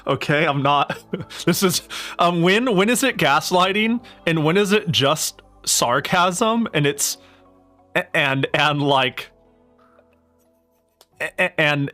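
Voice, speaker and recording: A man's voice: fairly high pitch, sharp tone. A man streaming a game, chatting casually, joking, swearing often and correcting himself mid-sentence.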